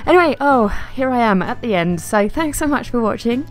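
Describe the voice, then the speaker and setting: A woman casually narrating a scrapbooking layout in a chatty, self-deprecating way, with fillers and soft laughs. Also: fairly high pitch, lively intonation, brisk, faint music behind. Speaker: scrapbooking vlogger. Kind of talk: casual voice-over narration of a craft process.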